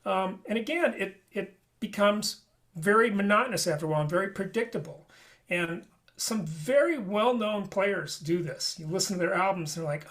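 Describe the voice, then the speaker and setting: A man's voice: sits high, lively intonation, normal speed, fairly bright tone. A man teaching a flute lesson in a webinar, talking conversationally and often checking in with "right?". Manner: demonstrates and explains playing habits.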